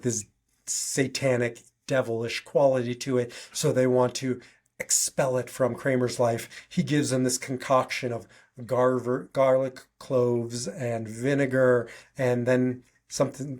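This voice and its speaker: A man's voice: medium pitch, steady tone, moderate pace, a little mellow. A man hosting a solo podcast, talking earnestly and conversationally with frequent restarts. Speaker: podcast host.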